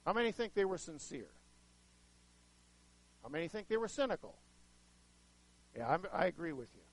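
A man preaching a sermon to a live audience, chatting with them and asking questions, with sudden swings in loudness as he acts out voices. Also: fairly high pitch, very animated, normal speed, poor audio. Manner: conversational, asks the audience questions; dramatic shifts in loudness, acts out quoted voices.

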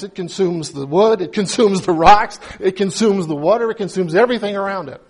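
A man with a high-pitched voice preaching a morning sermon. He tells the story in a relaxed, conversational way, dropping in asides and briefly acting out what each person says. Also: normal speed, hardly any pauses, slightly rough. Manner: storytelling, acts out quoted lines. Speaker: pastor.

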